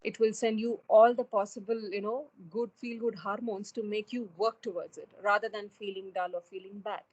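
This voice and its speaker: A woman's voice: mid-range voice, steady tone, moderate pace, darkish tone, muffled recording. A woman giving an online webinar talk on goal setting, earnest, with many fillers and restarts, heard over a video call. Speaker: webinar speaker.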